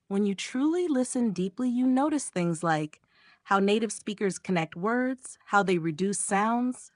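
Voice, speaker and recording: A woman narrating a scripted English pronunciation lesson in measured, emphatic short phrases. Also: mid-range voice, no echo, studio quality.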